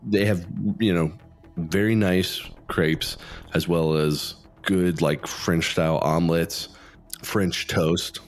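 Very deep-voiced man running the game. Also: fairly even intonation, slow pace, soft background music. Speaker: game master. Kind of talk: narrating a tabletop game.

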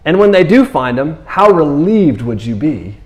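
A man preaching a sermon in a relaxed, conversational way, acting out quotes playfully. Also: on the high side, moderate pace, echoey room. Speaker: pastor.

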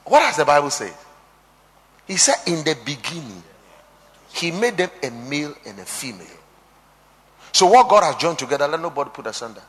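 A high-pitched man preaches with a wildly animated voice, swinging from shouts down to near-whispers as he quotes scripture. His sermon rings with a long reverb, as in a large hall. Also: brisk, long pauses. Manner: preaching with sudden shouts and quiet drops, quoting scripture.

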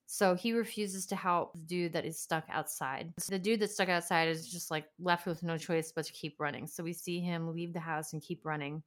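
A woman co-hosting a casual movie podcast, animated and playful as she recaps a film. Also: fairly low pitch, moderate pace, few pauses. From not from the US. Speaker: podcast co-host. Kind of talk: casual movie review chat.

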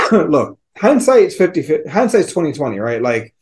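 A man's voice: a little high, big pitch swings, measured pace. A man co-hosting a podcast, chatting casually about a movie, loose and profane with lots of fillers. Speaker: podcast co-host.

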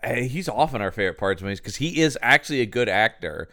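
A man's voice: medium pitch, expressive, fast, sharp tone. A man co-hosting a podcast, talking casually and animatedly, with some swearing. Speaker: podcast co-host. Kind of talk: casual chat.

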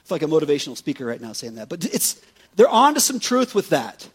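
Male pastor, fairly high and husky voice, conversational sermon delivery with casual asides. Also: fast. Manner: conversational, animated preaching with frequent "right?" asides.

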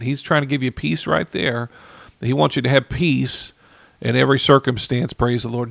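A man preaching a sermon in an earnest way, repeating key phrases and slowing down to stress them. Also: a little high, vocal fry, sharp tone, no room sound.

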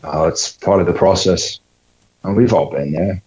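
Actor doing an amateur Scottish-accented recovering drinker. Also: male voice, sits low, moderate pace, darkish tone, natural voice, rough recording. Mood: friendly. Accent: attempted Scottish. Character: friendly man at an alcoholics' meeting. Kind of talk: rehearsed scene reading.

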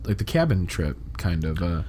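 A young man, co-hosting a podcast with teasing, deadpan asides in casual chat. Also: low voice, moderate pace, slight background noise. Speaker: podcast co-host.

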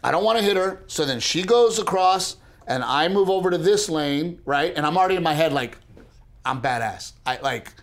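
A man with a fairly high voice tells a story on a casual podcast. He gets animated and speeds up as the story heats up, tripping over his own restarts. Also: normal speed. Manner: animated, speeds up when excited, many restarts. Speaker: podcast co-host.

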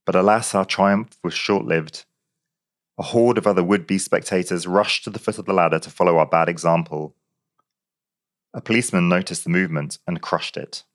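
A man reading a story aloud in a wry, measured storytelling manner. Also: deep voice. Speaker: narrator. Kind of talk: scripted story narration.

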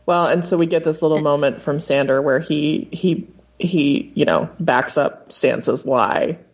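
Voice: medium pitch, measured pace. A podcast co-host chatting casually, often exclaiming in reaction. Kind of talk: casual chat. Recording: slightly dull lo-fi recording.

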